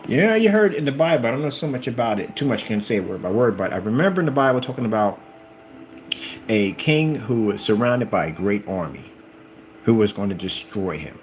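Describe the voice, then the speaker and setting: A man's voice: on the low side, lively intonation, fairly quick, slight background noise, low-quality recording. Preachy man telling Bible stories. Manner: preachy, emphatic, acts out the characters in the stories. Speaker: channel host. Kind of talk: informal religious talk.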